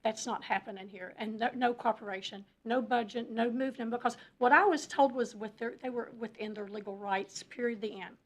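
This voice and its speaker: A woman's voice: a little high, a little fast, hardly any pauses. A woman resident speaking at a town council public comment, impassioned and emotional, repeating herself as she pleads her case.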